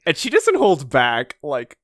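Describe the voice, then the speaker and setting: A man co-hosting a podcast in casual chat, excitable, laughing often and swearing casually. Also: fairly high pitch, a little slow, dry recording, studio quality. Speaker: podcast co-host.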